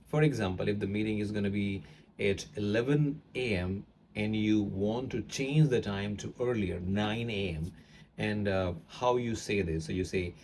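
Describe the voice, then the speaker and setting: A man's voice: lowish voice, normal speed, darkish tone, slight background noise. A man with an Indian accent explaining things in an online English lesson, with many fillers and words stressed for emphasis. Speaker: English teacher.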